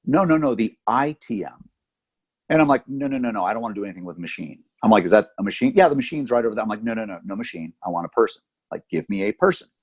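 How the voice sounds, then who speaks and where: A middle-aged man with a slightly husky voice tells an anecdote in a relaxed podcast chat. His pitch swings widely as he acts out the other people in the story. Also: fast. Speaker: podcast co-host.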